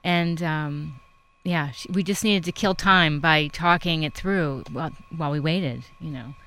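A woman interviewer with a low-pitched voice talks in a casual, conversational way. She tells personal stories and backs the guest up with frequent affirmations. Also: unhurried, sharp tone.

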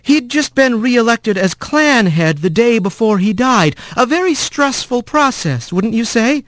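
A man's voice: extremely high pitch, lively intonation, unhurried, a bit bright, no room sound, pitched above the performer's own voice, heavily acted. A man voicing a young female mouse lawyer who asks careful, pointed questions. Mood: probing.

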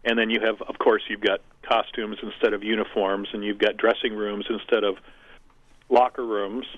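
Over a tinny, phone-like line with no room sound, a middle-aged man with a fairly low voice speaks at a moderate pace in a level tone. He owns and co-founded a community theater, and in a casual interview he talks earnestly and methodically, drawing long comparisons.

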